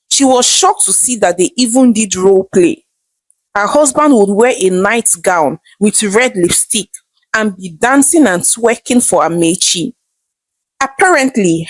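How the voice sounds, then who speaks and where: A woman's voice: medium pitch, no room sound. A woman narrating a scripted folktale in a dramatic storytelling manner.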